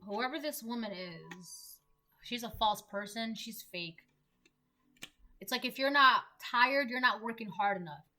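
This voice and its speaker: A woman's voice: fairly high pitch, a little slow, pushed and bright. A young woman giving a casual collective tarot reading, emphatic and repetitive, full of "like". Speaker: tarot reader.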